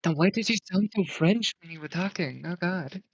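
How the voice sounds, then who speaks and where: A man's voice: high voice, animated, normal speed, gravelly, husky, no echo, lo-fi sound. A man with a Swedish accent chatting casually, hesitant and full of fillers, a little self-deprecating. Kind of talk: casual chat.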